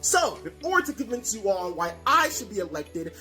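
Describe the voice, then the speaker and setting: A woman's voice: mid-range voice, very animated, a little fast, sharp tone, soft background music, voice pushed down. A woman voicing a pompous, greedy male half-elf archmage giving a comic campaign speech in a tabletop game. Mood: smug. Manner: boastful, theatrical, stammers when worked up.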